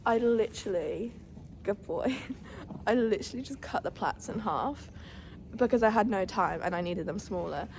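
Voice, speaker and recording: Chatting in her vlog, a young woman talks about her horse and speaks to him in affectionate baby-talk. She sounds animated with a mid-range voice at a moderate pace, over slight background noise.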